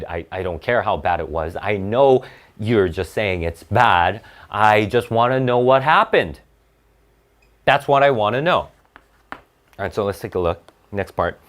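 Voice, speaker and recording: A young male tutor walks students through a reading passage in a relaxed, blunt way. His pitch swings widely as he keeps asking rhetorical questions, with plenty of "uh" and "right?" along the way. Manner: casual, blunt and animated, asking rhetorical questions with many fillers. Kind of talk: online tutoring lesson, reading a passage aloud and explaining it.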